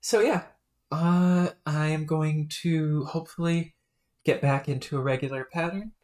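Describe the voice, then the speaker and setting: Low-voiced woman reading on stream. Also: unhurried. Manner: relaxed, rambling, many fillers. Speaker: streamer reading a webcomic aloud. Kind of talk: casual read-aloud stream.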